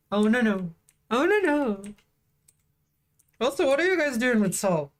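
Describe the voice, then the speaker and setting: Woman streamer, slightly high voice, slow and easygoing, teasing and giggly with chat. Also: big pitch swings. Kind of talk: casual live-stream chat.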